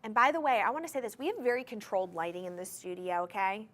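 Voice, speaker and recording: A woman's voice: fairly high pitch, expressive, fast talker, hardly any pauses, fairly bright tone. Gushing woman hosting home shopping. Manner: enthusiastic, gushing, talks straight to viewers. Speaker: shopping TV host. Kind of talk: live home-shopping sales pitch. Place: TV studio.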